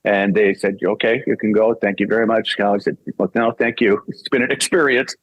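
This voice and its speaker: A man's voice: fairly low pitch, steady tone, fairly quick, no echo, poor audio. An older man from Canada, a voice actor and singer, telling a casual story and acting out the voices he quotes, laughing often.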